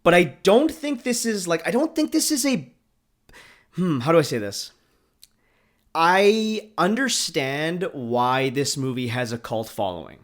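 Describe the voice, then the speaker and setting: A man from Canada co-hosts a film podcast in casual chat. He talks in a relaxed way, often pausing to find his words. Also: fairly high pitch. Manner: relaxed, hesitant. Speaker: podcast co-host.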